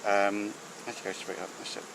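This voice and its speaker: His delivery completely flat and fairly quick, a low-voiced beekeeper gives casual, rambling, filler-heavy commentary beside an outdoor hive. The background is noisy, with bees buzzing clearly, as a handheld or mounted camera records.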